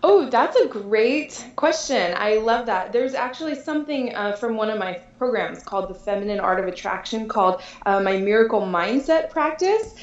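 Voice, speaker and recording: A woman's voice: on the high side, expressive, moderate pace, few pauses, roomy sound, lo-fi sound. A woman being interviewed as a dating coach, chatting casually, laughing often and restarting her sentences. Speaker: podcast guest, dating coach.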